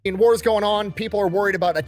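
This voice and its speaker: A man's voice: sits high, fairly even intonation, racing. A man telling history in a casual, irreverent, profane way, heard from a played clip. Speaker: history storyteller. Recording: clip played with faint music.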